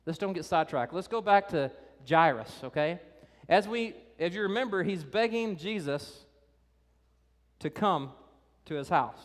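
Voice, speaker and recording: A pastor preaching a sermon in a conversational, animated way, talking directly to the kids and teenagers in the congregation. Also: male voice, sits high, a little slow. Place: church. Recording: reverberant church hall.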